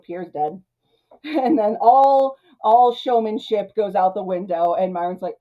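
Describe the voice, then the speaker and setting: A woman's voice: mid-range voice, unhurried, dull audio. A woman hosting a movie review, recapping the plot in a chatty way, laughing often and leaning on "like" and "you know.".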